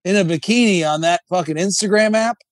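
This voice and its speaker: A man talking as a comedian guest on a podcast, rambling and swearing, breaking into high sung bits. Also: brisk, no room sound, studio quality. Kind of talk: casual podcast chat.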